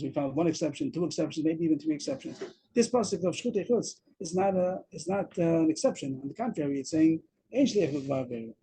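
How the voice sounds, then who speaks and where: This daf yomi Talmud lesson comes from a man on a video call whose voice is on the high side, warm and slightly rough. He explains step by step, repeats himself and mixes in Aramaic, and the audio quality is poor.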